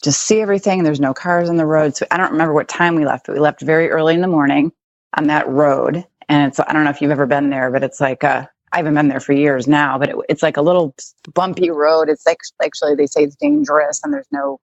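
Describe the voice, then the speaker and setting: Brief: American woman guest, very low pitch, dry close sound, casual chatty storytelling. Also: fast, creaky, dry recording, dull audio. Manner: chatty, with many likes and restarts. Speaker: interview guest.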